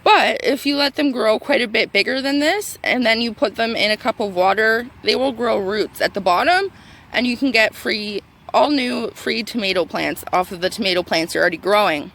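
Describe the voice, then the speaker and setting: A woman giving a casual tour of her vegetable garden, chatty and excitable, talking to her plants, her voice turning squeaky at times. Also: normal speed. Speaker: gardening vlogger. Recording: faint outdoor background noise.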